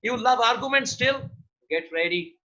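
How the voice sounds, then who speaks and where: A man's voice: very high voice, expressive, normal speed, bright, forceful tone. A man giving a motivational workshop talk, emphatic and repeating key words, on a dull lo-fi recording. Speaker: workshop speaker.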